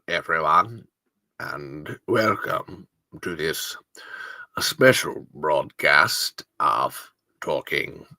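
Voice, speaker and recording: A man putting on a slow, deep, grand announcer voice as a celebrity impression. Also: pushed and bright, dry recording, full character voice. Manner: slow, low, grand delivery.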